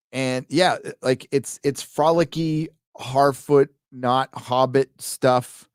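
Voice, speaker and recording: A man's voice: mid-range voice, no echo, clean studio sound. A man reviewing a TV show in a casual live commentary, blunt and sarcastic, full of fillers and restarts. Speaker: video reviewer.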